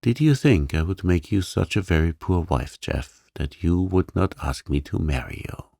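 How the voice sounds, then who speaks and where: A man voicing a steady, frank young woman. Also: deep voice, moderate pace, gravelly, no echo, studio quality, heavily acted. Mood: tender, frank. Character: proud, forthright young woman in love.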